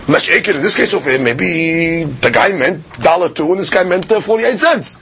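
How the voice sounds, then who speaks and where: A man giving a daily Talmud lesson, explaining in a lively conversational way with many fillers and restarts. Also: on the high side, normal speed, creaky, breathy edge. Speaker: Talmud teacher.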